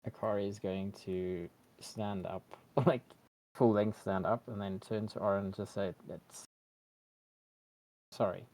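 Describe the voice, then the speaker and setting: A man narrating his character's actions in a tabletop role-play game, soft-spoken and halting. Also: on the low side, steady tone, low-quality recording. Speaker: player. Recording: remote call audio.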